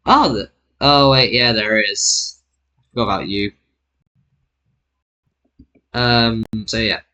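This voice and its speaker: Speaking slowly in a lowish voice that sounds pushed and bright, a man from Britain casually narrates a map-drawing screen recording. He rambles, corrects himself and throws in jokes, all on a low-quality recording.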